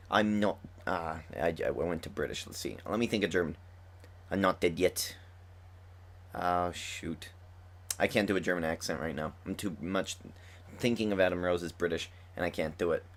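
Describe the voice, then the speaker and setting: Just out of bed, a young gaming commentator talks briskly in a low-sitting voice while playing a wrestling game at home. His commentary is rambling, casual, and full of fan excitement.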